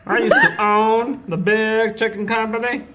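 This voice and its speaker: A man voicing a smooth-talking Southern male chicken tycoon in an exaggerated, slow, flirtatious drawl. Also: high voice, little pitch movement, sharp tone. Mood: boastful.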